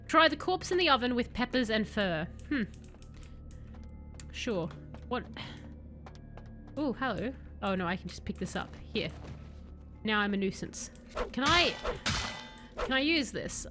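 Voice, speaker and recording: A woman's voice: fairly high pitch, unhurried, pauses often, music in the background. A young woman streaming a video game, chatting casually with viewers in a rambling way. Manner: chatty, rambling, bursts of excited yelling. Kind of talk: casual let's-play chat with viewers.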